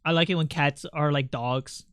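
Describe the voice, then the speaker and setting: Bright, high-voiced young man chatting. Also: smooth, no room sound, studio quality. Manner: rambling, animated, quick to laugh, chatting with viewers. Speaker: streamer. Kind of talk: casual livestream chat while drawing.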